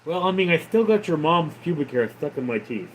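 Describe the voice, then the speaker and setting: A man hosting a casual livestream, reading viewer comments aloud and answering with sarcastic, deadpan replies. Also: a little high, a little fast, a little hiss or hum, rough recording. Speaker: livestream host reading chat.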